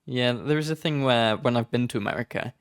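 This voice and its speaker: A calm young man from England tells stories on a casual podcast. His voice has a gravelly, creaky texture at a mid pitch. The sound is dry and close. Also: brisk, no room sound. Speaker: podcast co-host. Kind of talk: casual chat.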